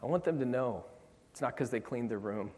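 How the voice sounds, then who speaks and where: A man preaching a sermon as pastor, earnest and emphatic, slowing down to stress key phrases. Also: medium pitch, animated, warm tone. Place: church sanctuary. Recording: long church reverb.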